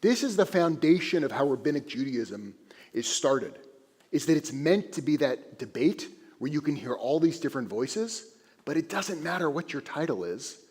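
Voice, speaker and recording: A man giving a sermon as a rabbi, an animated, conversational storyteller speaking in a synagogue sanctuary. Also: on the high side, moderate pace, slightly rough. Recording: echoey sanctuary.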